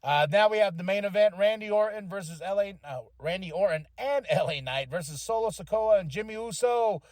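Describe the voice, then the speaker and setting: An excitable man hosts a casual podcast, recapping wrestling in loose, profane chat and playing out every quote. His voice sits a little high for a man. The sound is close and dry, with no room around it. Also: brisk, no room sound. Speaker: podcast host.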